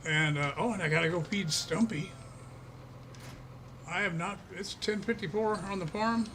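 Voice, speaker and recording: A man's voice: sits high, normal speed, sharp tone, a little hiss or hum. An older man chatting casually in a folksy way as he streams a farming game, chuckling often. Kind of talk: casual gameplay commentary.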